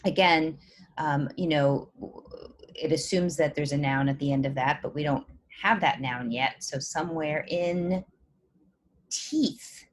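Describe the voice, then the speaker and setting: A woman's voice: sits low, steady tone, moderate pace, slight background noise. A woman professor lecturing on a poem, explaining step by step with frequent "um"s and a checking "right?".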